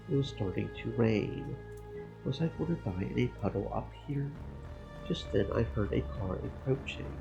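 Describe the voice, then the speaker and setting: A man streaming a game, reading its first-person narration aloud at a steady storytelling pace. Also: medium pitch, normal speed, creaky, lo-fi sound. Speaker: streamer reading a visual novel. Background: game music.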